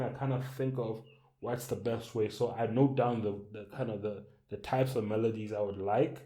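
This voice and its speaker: A man's voice: fairly low pitch, steady tone, moderate pace, dark tone, roomy sound. A man who writes songs, talking casually to camera in a loose, rambling way. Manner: loose, rambling, hums and sings melody ideas. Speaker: songwriter.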